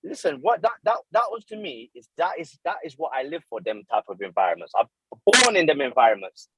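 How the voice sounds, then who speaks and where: A man from boasting loudly in casual podcast banter, full of slang. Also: mid-range voice, very animated, a little fast, breathy edge, dry recording, muffled recording. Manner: brash and boastful, mixes in slang.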